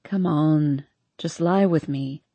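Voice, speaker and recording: A brooding, moody young man murmuring low and curt, his tone dark and mellow, as a woman narrator puts him on. The voice is slightly husky and close, recorded in a dry space for an audiobook. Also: slow pace, no room sound, highs cut off, heavily acted. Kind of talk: audiobook character voice.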